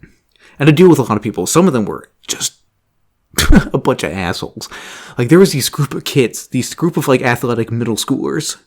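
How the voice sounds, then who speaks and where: A young man casually telling a story about a job, animated, laughing often and swearing freely. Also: medium pitch, fairly quick. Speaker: vlogger.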